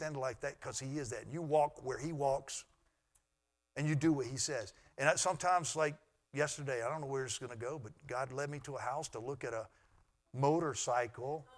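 A middle-aged man, a pastor, preaching a sermon in an earnest way that swings from loud to hushed. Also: medium pitch.

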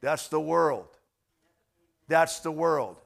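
A pastor delivers a sermon in a voice that sits a little higher than most men's. He speaks directly to the people in front of him. He swings between loud, emphatic bursts and quiet, conversational asides. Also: moderate pace.

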